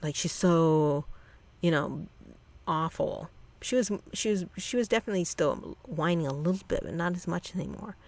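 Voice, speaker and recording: A channel host telling a personal story in a rambling, halting way, often restarting sentences. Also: medium pitch, creaky.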